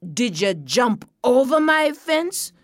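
A woman storyteller voicing a cranky man who shouts at birds in his garden. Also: on the high side, very animated, slow, no echo, clean studio sound, voice pushed up. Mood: questioning. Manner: shouts repeated no's.

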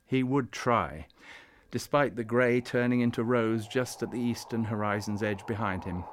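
A man's voice: mid-range voice, fairly bright tone. Man narrating a storybook.

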